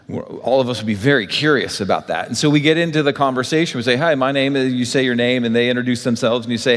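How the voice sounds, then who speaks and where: A man preaching to a church congregation, telling a made-up story and acting out both voices in the conversation with lively shifts. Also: a little high, long reverb tail. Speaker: pastor. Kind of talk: sermon. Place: church sanctuary.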